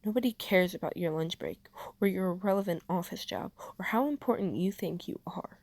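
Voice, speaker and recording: A woman's voice: on the low side, fairly even intonation, unhurried, warm tone, no echo. A woman voicing a grieving, fiercely protective middle-aged aunt, tearful and trembling with anger. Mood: furious.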